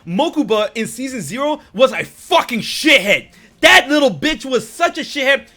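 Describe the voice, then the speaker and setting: A man hosting a podcast, casually retelling anime scenes in an animated, swearing storyteller's manner. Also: very high voice, moderate pace. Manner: animated storyteller, acts out characters, swears freely. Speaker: podcast host.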